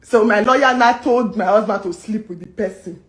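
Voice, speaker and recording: A woman's voice: medium pitch, normal speed. A woman speaking straight to her audience, pleading and indignant, repeating herself as she rejects claims made about her. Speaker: business owner responding to online claims. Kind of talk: emotional direct-to-camera rant.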